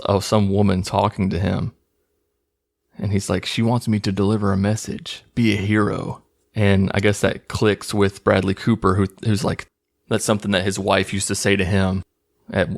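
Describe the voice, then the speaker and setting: Man, low-pitched, gravelly, casual film recap, rambling and profane. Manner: rambling, profane, laughing at scenes. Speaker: movie review host. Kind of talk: casual movie recap monologue.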